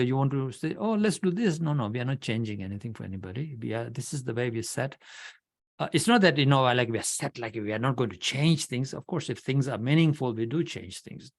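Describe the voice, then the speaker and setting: A man leading an orientation at an online club meeting, talking in a blunt, direct way with frequent restarts. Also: medium pitch. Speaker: club leader giving member orientation.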